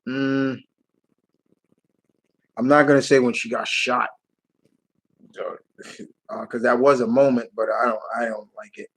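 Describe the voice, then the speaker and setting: A man's voice: mid-range voice, fairly even intonation, a little slow, pauses often, a bit bright, rough recording. A man hosting a live Q&A stream, answering viewer questions in a rambling, casual way and laughing as he retells movie scenes.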